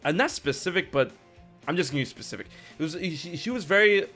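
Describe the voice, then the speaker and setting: A man hosts a casual live stream, rambling through his points with lots of restarts and swearing. His voice is bright and a little high, and faint music plays under him. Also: lively intonation, fast talker. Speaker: show host. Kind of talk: casual chat. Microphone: streaming mic.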